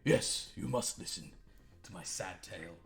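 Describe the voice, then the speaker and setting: A man's voice: low-pitched, a little slow, creaky, soft background music, pitched below the performer's own voice. A man voicing a pompous, lovesick older naval commodore who laments theatrically and breaks into song. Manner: theatrical, mournful, bursts into song.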